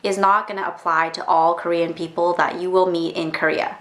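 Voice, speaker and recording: A young woman from Canada telling a casual storytime rant to camera, chatty and quick to act out other people's reactions. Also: flat delivery, a bit bright, echoey room. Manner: chatty, acts out quoted reactions in a higher voice. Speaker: vlogger.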